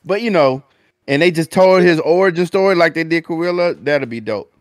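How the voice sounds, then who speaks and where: Man, slightly higher voice, blunt opinions, slangy, dry close sound. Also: moderate pace, no room sound. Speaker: podcast co-host. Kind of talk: casual chat.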